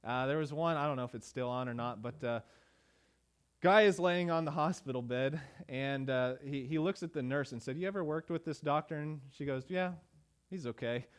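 A pastor preaching a sermon in a conversational way, with many "uh" fillers and emphatic repeated phrases. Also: male voice, medium pitch, normal speed, smooth. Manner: emphatic rhetorical repetition.

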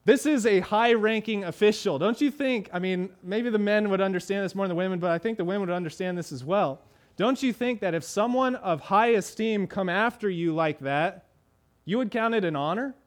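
High-voiced man preaching a conversational sermon. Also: brisk. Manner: conversational preaching with rhetorical questions to the congregation; acts out little voices and drops low for emphasis.

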